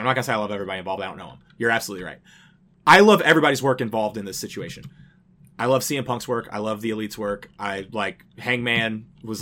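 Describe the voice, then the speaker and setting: Bright-voiced man ranting with animated energy. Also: fairly low pitch. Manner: animated ranting, swears freely, exasperated outbursts. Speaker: podcast co-host. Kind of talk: casual podcast chat.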